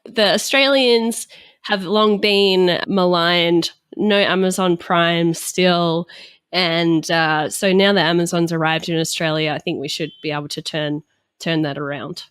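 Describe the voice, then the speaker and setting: Low-voiced woman podcast host. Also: steady tone, measured pace, fairly bright tone, smooth, no room sound. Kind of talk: casual podcast chat.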